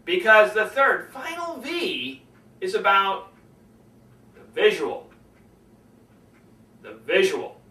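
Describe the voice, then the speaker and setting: A man coaching public speaking in a lively lesson, demonstrating different tones of voice as he explains. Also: sits high, slow pace, long pauses, roomy sound, distant mic, poor audio. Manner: animated, demonstrates tones by acting them out.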